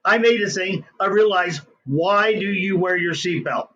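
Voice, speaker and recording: A middle-aged man, an inventor telling his story as an interview guest in an excitable, hyper way. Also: high-pitched, measured pace, dull audio, slight background noise.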